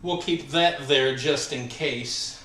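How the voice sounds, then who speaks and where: A man in his forties with a Southern American accent hosts a fitness live stream, chatting slowly in a mid-range voice between workout sets. Slightly winded, he rambles, leans on fillers, and offers friendly shout-outs. Heavy background noise fills the echoey room, and his voice sits far from the mic.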